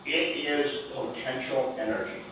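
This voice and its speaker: Male physics lecturer, unhurried and playful, very echoey hall, heard from a distance. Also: mid-range voice, fairly even intonation, pushed and bright, slight background noise. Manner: playful, theatrical, asks the class questions. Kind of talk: classroom lecture.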